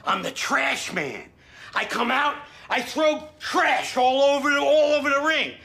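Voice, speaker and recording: A woman putting on a rowdy male trash man who boasts about throwing and eating garbage, in a loud, boastful chant. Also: high-pitched, expressive, a little slow, heavily acted.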